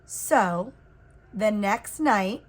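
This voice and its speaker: A woman reading a children's picture book aloud in an expressive, unhurried way. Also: medium pitch. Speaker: reader. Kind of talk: storybook read-aloud.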